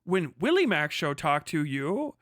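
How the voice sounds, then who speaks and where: A man's voice: fairly high pitch, sing-song, unhurried, fairly bright tone, no echo, studio quality. Heated, profane male streamer. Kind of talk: ranting live stream commentary.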